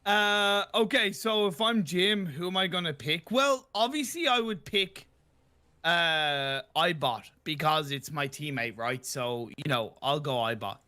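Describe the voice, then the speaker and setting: A man's voice: a little high, unhurried, pushed and bright. A man co-casting a live esports stream, playful and thinking aloud about picks. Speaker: esports co-caster.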